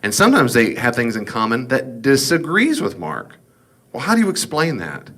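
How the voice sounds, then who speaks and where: A man's voice: mid-range voice, huge pitch swings, moderate pace, a bit bright. A middle-aged man teaching a Bible class in a conversational, folksy way with humorous asides. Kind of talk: classroom lecture.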